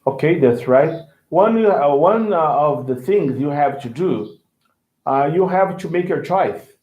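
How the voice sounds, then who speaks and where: A man's voice: fairly high pitch, animated, measured pace, dull audio. Man teaching English pronunciation, roomy sound. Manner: repeats words to model pronunciation, checks understanding. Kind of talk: casual online lesson chat.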